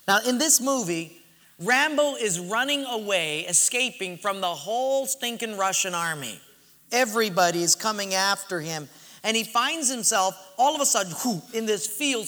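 With a high-pitched voice echoing in hall reverb, a man preaches a sermon. His storytelling is dramatic, alternating between loud bursts and hushed asides.

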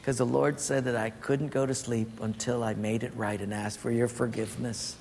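A man voicing his young male college friend, who pesters him at night and then pleads softly. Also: mid-range voice, level tone, normal speed, vocal fry, in a large hall, a little hiss or hum, voice pushed down, lightly acted. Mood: sheepish.

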